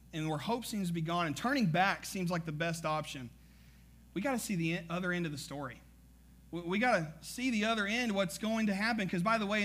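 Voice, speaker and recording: A man preaching a sermon as pastor, energetic and conversational, with frequent asides to the congregation. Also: high voice.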